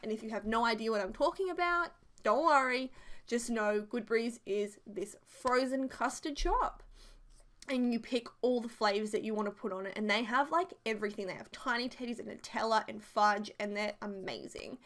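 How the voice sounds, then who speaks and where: A woman's voice: a little high, moderate pace, a bit bright. A young Australian woman in her twenties, telling rambling, giggly stories in a casual voiceover chat. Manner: chatty, rambling, giggly storytelling. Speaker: YouTuber.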